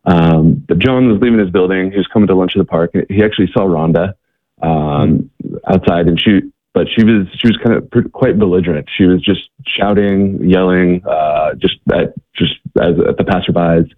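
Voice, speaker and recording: A man telling earnest stories as an interview guest, halting with many restarts and fillers, over a phone-like line. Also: low voice, dry recording. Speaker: guest, missionary organization worker. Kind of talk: interview storytelling. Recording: tinny phone-like line, dry.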